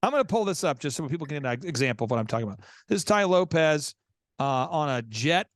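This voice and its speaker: Hosting a business coaching show, a man speaks quickly in a slightly high, very animated voice, captured in a clean studio without room sound. He tells stories with emphasis, repeating words as his point builds.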